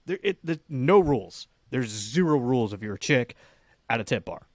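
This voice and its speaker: A man's voice: mid-range voice, big pitch swings, normal speed, no echo. A man co-hosting a podcast, teasing his partner in a dry, joking way on a close microphone. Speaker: podcast co-host. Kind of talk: casual podcast chat.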